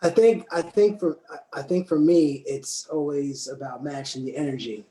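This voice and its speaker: A man talking calmly and deliberately in a casual discussion, often repeating words as he works out his point. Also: a little high. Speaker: panel guest. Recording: echoey room.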